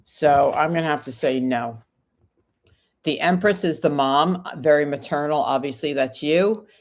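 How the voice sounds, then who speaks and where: In a low voice and at a measured pace, a woman reads tarot for her live-stream audience. She's recovering from an illness, and she reads each viewer's question aloud before answering it card by card.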